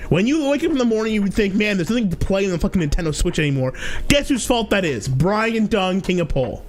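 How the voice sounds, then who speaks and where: High-voiced young man in a screaming rant. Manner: over-the-top screaming threats, profane. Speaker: streamer. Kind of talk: mock-furious rant on a live stream.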